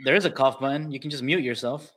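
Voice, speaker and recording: Laid-back guy chatting on a podcast call, mid pitch, just easy banter. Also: fast talker, a bit bright. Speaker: podcast co-host. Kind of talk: casual chat.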